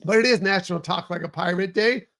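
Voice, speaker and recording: A man's voice: sits high, quick pace, gravelly, fairly bright tone. A man hosting a morning podcast in upbeat, rambling casual chat. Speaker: podcast host.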